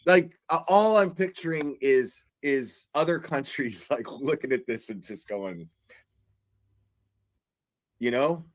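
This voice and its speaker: A man ranting in a casual commentary, animated and incredulous, swearing often and laughing as he talks. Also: mid-range voice, takes it slowly, long pauses, no room sound. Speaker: online commentator.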